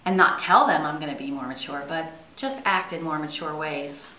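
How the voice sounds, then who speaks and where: A woman's voice: low-pitched, normal speed, sharp tone, slight background noise. A woman giving an earnest devotional sermon to her church, asking many rhetorical questions. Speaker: church speaker. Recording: echoey room, far from mic.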